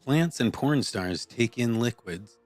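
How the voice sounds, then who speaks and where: A man co-hosting a podcast who reads out items in a deadpan way. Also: medium pitch, slow pace, no echo, faint music behind. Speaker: podcast co-host reading listener titles. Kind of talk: casual banter.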